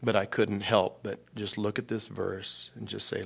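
A man preaching a storytelling sermon, animated and self-mocking, acting out dialogue with big swings and dropping to hushed near-whispers in prayer. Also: on the low side, measured pace, creaky, few pauses, breathy edge.

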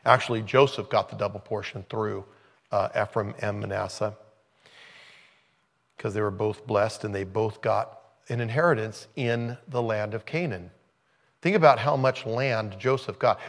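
A man preaching as a pastor, teaching through a scripture passage conversationally and growing animated when he retells the scenes. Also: lowish voice, normal speed, gravelly. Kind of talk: expository sermon.

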